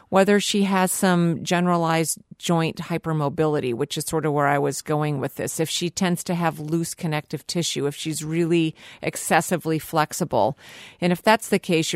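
A woman giving physical therapy advice to callers on a radio call-in show, explaining in a measured way. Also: deep voice, no echo, clean studio sound. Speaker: physical therapy expert guest.

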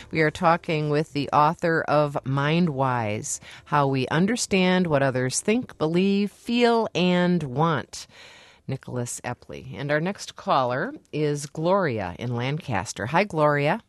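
A woman hosts a public radio call-in show. Her voice sits very low, and she speaks in a measured, inviting way. The studio mic is close and dry. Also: no echo. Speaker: radio talk show host.

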